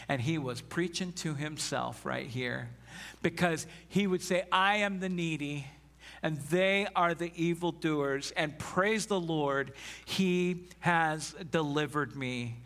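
Male pastor, slightly high voice, slow emphatic sermon delivery. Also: creaky, fairly bright tone. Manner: earnest, emphatic preaching, reading scripture aloud.

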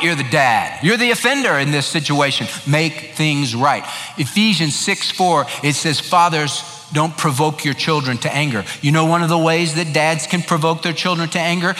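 A man's voice: fairly high pitch, bright, forceful tone, long reverb tail. A male pastor preaching a sermon, emphatic and repeating key phrases for weight.

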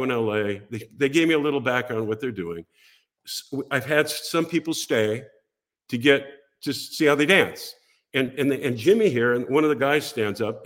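An older man, a podcast guest, telling an animated story and acting out the other people in it. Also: mid-range voice.

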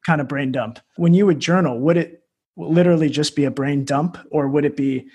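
A man hosts a podcast interview, curious and engaged as he asks questions. His voice is a little higher than usual for a man and has a husky edge. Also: fairly quick, a little mellow. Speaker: podcast host.

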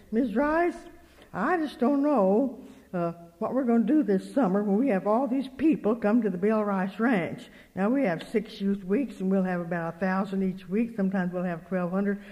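An older woman with a warm, medium-pitched voice delivers a folksy sermon at a religious meeting, telling stories and earnestly acting out both sides of each conversation. The hall adds a long reverb.

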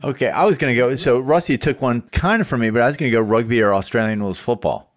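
A man's voice: mid-range voice, quick pace. A male podcast host asking long, probing questions and thinking aloud as he goes. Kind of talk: interview questions.

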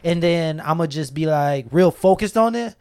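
Young man, casual podcast banter, storytelling with acted-out quotes, smooth tone. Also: fairly high pitch, moderate pace. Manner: slangy, animated storytelling, acts out quotes.

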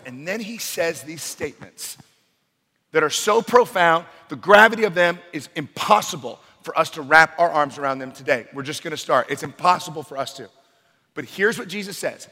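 A male pastor preaching in a large church hall, his voice carrying a long reverb. He speaks with a bright, forceful tone, and his storytelling is animated and full of dramatic turns. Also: on the high side, normal speed. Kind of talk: sermon.

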